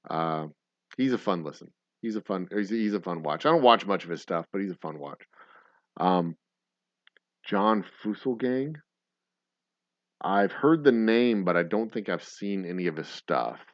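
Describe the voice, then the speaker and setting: A man's voice: deep voice, expressive, measured pace, long pauses, no room sound. Rambling, cursing male stream host. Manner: rambling, profane, frequent self-corrections. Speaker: livestream host. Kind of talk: casual live-stream chat reacting to viewer comments. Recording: dull lo-fi stream audio.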